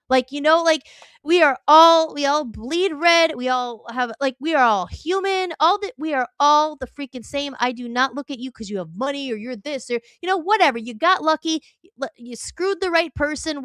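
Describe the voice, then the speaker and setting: A woman's voice: high-pitched, fairly bright tone, clean tone, no room sound. A woman on a talk stream, ranting heatedly and firing off rhetorical questions. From United States.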